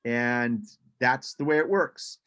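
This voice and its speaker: A man's voice: medium pitch, slow, a bit bright. A man giving a casual birding presentation over a video call, chatty, with frequent ums and restarts.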